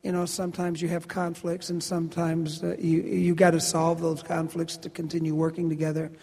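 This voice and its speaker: A man, an actor, fielding fan questions at a convention panel in a loud, teasing, joking way. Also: on the high side, monotone. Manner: brash, teasing, quick to cut people off. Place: large convention hall. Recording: echoey hall over a PA.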